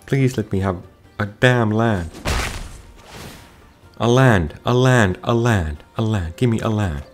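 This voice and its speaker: A man's voice: on the low side, slow, faint music behind. A man ranting and swearing constantly while playing a card game, frustrated and repeating himself. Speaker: gamer. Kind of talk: ranting gameplay commentary.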